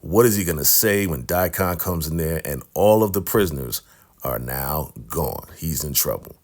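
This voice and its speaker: A man's voice: very deep voice, moderate pace. A middle-aged man casually recapping a TV episode, animatedly acting out characters' lines. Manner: animated, retells scenes by acting out quotes. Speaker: recap host.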